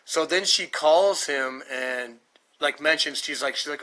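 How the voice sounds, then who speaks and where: A man's voice: medium pitch, moderate pace, sharp tone, low-quality recording. Profane thirty-something American man rambling. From United States. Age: 30s. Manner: profane, emphatic, thinking aloud. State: dry throat. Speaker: streamer. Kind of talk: casual rambling monologue.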